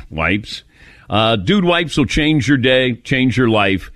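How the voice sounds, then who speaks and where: A man's voice: medium pitch, slow pace, no room sound, clean studio sound. A middle-aged man hosting a call-in radio show in casual, joking chat. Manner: lively, joking, animated.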